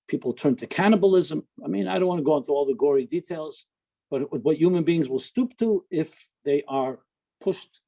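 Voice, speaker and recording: Rabbi, male, relaxed informal talk, husky timbre, chatty storyteller. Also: on the high side, rough recording. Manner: chatty, digressive storyteller with humor.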